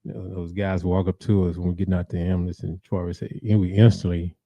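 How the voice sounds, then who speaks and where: A man's voice: deep voice, flat delivery, fast talker, warm tone, no room sound, highs cut off. A man hosting a blues and soul show, chatting casually and greeting listeners by name in a rambling way. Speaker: radio show host. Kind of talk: casual live-stream chat.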